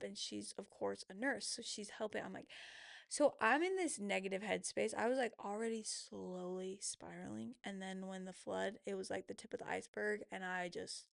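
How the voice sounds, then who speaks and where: Gravelly-voiced woman telling a candid story. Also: mid-range voice, no echo, studio quality. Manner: emotional, confessional, quick asides. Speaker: vlogger.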